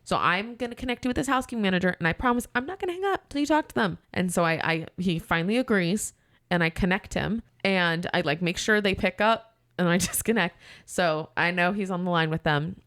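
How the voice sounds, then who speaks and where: A woman guest on a podcast, telling a story in a casual, animated way and acting out both sides of a phone call. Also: on the low side, brisk, no room sound, clean studio sound.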